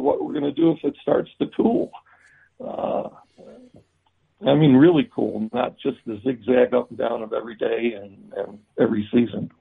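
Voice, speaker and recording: A man being interviewed about his book, talking haltingly with many restarts and fillers. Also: mid-range voice, gravelly, slightly rough. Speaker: book author guest. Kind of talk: remote interview. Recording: tinny phone-like line.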